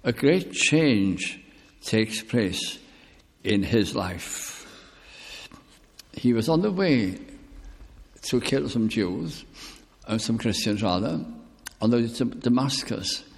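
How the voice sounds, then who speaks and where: An older man preaching a sermon with personal testimony, speaking slowly and deliberately, drawing out key words. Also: medium pitch, animated, gravelly, breathy edge. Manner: slow, deliberate, drawn-out emphasis. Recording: long reverb in a hall.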